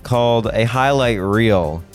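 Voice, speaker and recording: A man's voice: mid-range voice, takes it slowly, faint music behind. A young man in his late teens co-hosting a casual podcast, chatty and upbeat, with frequent "uh" fillers. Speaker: podcast co-host. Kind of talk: casual chat.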